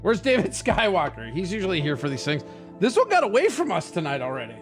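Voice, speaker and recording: A man's voice: high-pitched, wildly swooping pitch, quick pace, faint music behind. A man hosting a live call-in show, laughing often and swearing in a loose, rambling way. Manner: giggly, profane, rambling.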